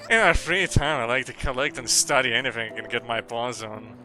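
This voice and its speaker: A man's voice: mid-range voice, fairly quick, over music, lightly acted. A man voicing a polite female fox who is an estate caretaker in a game, reading her formal dialogue. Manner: formal, welcoming game dialogue read aloud.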